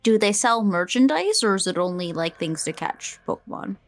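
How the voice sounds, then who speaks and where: A woman's voice: mid-range voice, sing-song, normal speed, slight background noise. A woman playing in a tabletop game, asking curious questions in casual chat. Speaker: player.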